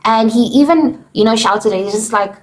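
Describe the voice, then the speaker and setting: A woman's voice: on the high side, a little fast. A woman teacher recapping a play for students in a casual lesson, filling her talk with "okay" and "you know" and paraphrasing the characters' lines. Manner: chatty, explains with paraphrased quotes, frequent "okay" and "you know".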